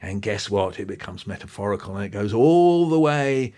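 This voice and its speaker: A man, an interview guest talking with lively enthusiasm and acting out bits of what he describes. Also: lowish voice, normal speed. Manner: animated, quoting and acting out passages. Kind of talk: podcast interview.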